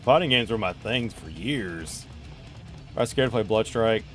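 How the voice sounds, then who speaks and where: A man's voice: lowish voice, expressive, moderate pace, faint music behind. A man hosting a casual gaming stream, playful and teasing as he chats with viewers while playing. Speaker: streamer host.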